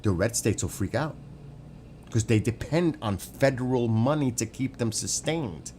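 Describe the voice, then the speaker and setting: A man's voice: mid-range voice, animated, a little slow, a little mellow, a little hiss or hum. A man streaming, giving opinionated, rambling casual commentary and answering chat, swearing now and then. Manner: answers chat viewers by name.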